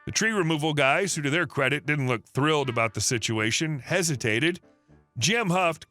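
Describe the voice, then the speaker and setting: A man with a high, bright voice narrates online stories with a snarky, mocking edge. Soft music plays faintly under his reading. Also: sing-song, moderate pace. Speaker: story narrator.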